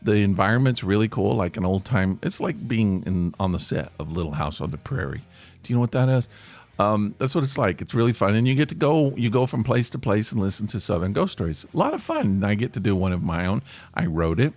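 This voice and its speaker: A man's voice: lowish voice, a little fast, darkish tone. A man from Tennessee with an East Tennessee Appalachian accent, hosting a podcast as a chatty, rambling monologue in the manner of a storyteller. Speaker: podcast host.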